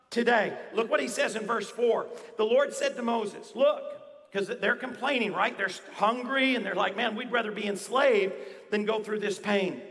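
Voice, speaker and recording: Male pastor, preaching; bright, forceful delivery, from near-shouts to hushed lows; long reverb of a big room. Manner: emphatic preaching, swings from near-shouts to hushed low talk; repeats key phrases for effect. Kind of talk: sermon. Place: church auditorium. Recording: long reverb of a large hall.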